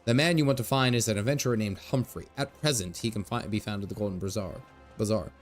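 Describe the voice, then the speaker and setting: A man reading out a sneering, cool-headed game character in a lowered, hushed voice, stumbling over words. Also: soft background music, natural voice. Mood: sardonic. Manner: read aloud haltingly with stumbles, low and hushed.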